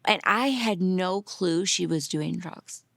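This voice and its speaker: A middle-aged mother speaks in a documentary interview, her low voice carrying a gravelly edge. She sounds earnest and emotional and sometimes sinks to a soft near-whisper. The sound is dry, close and without room echo. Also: takes it slowly. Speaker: grieving mother.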